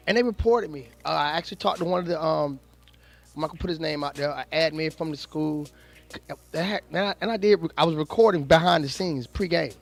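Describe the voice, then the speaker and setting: Blunt high-voiced man talking sports. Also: quick pace, creaky, soft background music. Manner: blunt, animated storytelling with frequent restarts and slang. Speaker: sports show host. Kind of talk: casual sports commentary.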